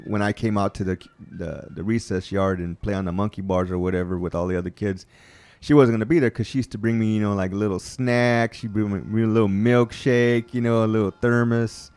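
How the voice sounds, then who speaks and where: A man's voice: fairly low pitch, steady tone, a little fast, a little mellow, clean tone. A man, a talk-show guest telling a funny childhood story in a casual way and laughing often.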